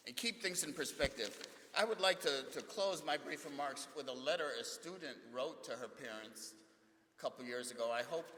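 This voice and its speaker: Man in his sixties, bright forceful voice, anecdotal speech, long hall reverb. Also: on the high side. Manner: storytelling, jokes, builds excitement in anecdotes. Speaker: university administrator speaking at convocation. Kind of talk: ceremonial speech with humorous anecdotes. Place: large hall.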